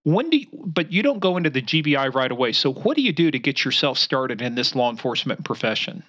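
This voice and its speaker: Lively, bright-voiced male podcast host. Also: mid-range voice, fast talker, lo-fi sound. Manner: joking, tells anecdotes. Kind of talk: casual podcast chat.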